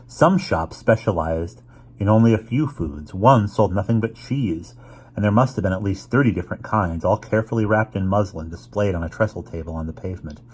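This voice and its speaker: Storybook reader, low and husky, calm pace, a few stumbles. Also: male voice. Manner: steady, unhurried reading with small restarts. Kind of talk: reading a children's novel aloud.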